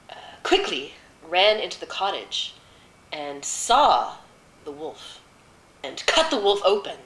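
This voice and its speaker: A woman's voice: lowish voice, fairly bright tone, echoey room, low-quality recording. A woman casually retelling a fairy tale off the cuff, chatty, with fillers and wry asides. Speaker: storyteller.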